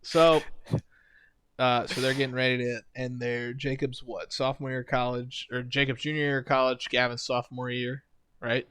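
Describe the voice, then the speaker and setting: A man's voice: medium pitch, flat delivery, normal speed, a bit bright, smooth. A young man co-hosting a casual podcast, tripping over his words and laughing it off. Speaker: podcast co-host. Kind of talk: casual chat.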